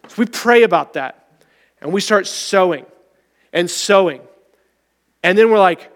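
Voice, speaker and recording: High-voiced man preaching in a hall. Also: unhurried, long pauses. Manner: animated, conversational, acts out voices. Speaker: pastor. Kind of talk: sermon.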